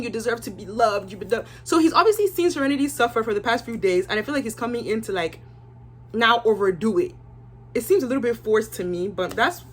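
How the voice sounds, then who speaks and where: A young woman giving a casual, opinionated recap of a reality show, chatting with her viewers and filling her talk with asides. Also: medium pitch.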